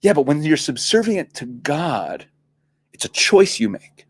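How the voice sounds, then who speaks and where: A man, a rabbi, talking as a guest on a studio talk show, animated and laughing often, restarting and repeating words as he explains. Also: on the high side, measured pace, breathy edge. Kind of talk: casual talk-show conversation.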